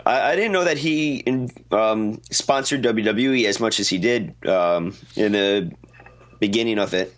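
A man's voice: fairly low pitch, a little slow. A young man co-hosting a casual podcast chat, eagerly offering hopes and suggestions, often starting with hesitant fillers. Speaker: podcast co-host.

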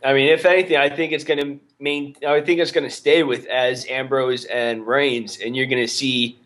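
A man co-hosting a casual podcast chat at a mid-range pitch. He rambles along, hedging and stopping with fillers as he works out his thoughts. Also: level tone, moderate pace, a bit bright. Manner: rambling, hesitant with frequent fillers. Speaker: podcast co-host.

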